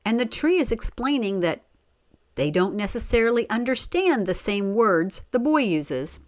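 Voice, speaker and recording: A woman reading a children's story aloud in an expressive way, stopping to ask the listener questions. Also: fairly high pitch, moderate pace, no room sound. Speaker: story reader.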